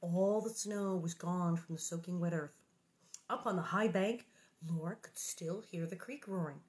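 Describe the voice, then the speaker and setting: Woman reading a kids' book out loud, lots of joking side comments, lively. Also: on the low side, normal speed. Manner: animated, jokey asides between passages. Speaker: book reader and host. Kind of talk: reading aloud with chatty asides.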